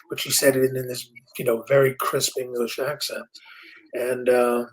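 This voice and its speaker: A man in his sixties shares memories in a relaxed, reflective tone. His pitch sits mid-range. A faint hiss runs under his voice. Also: moderate pace, rough recording. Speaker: podcast co-host. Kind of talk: candid conversational storytelling.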